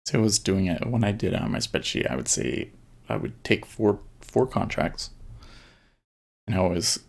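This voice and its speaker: A man's voice: sits low, sing-song, moderate pace, vocal fry. A man casually thinking aloud as he day-trades on a live stream, talking in fits and starts. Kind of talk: casual live-stream commentary while trading.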